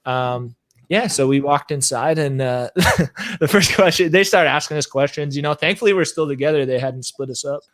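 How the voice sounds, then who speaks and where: A man's voice: a little high, normal speed, a bit bright. A man co-hosting a casual podcast, telling a funny road-trip story in a laid-back way, laughing often and calling his friends bro. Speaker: podcast co-host.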